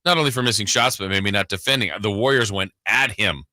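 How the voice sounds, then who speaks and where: Casting: lowish male radio co-host, forceful bright tone, chatty storyteller, dry close mic. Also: fast talker, no echo. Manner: conversational, storytelling, acts out quotes. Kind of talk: sports radio talk.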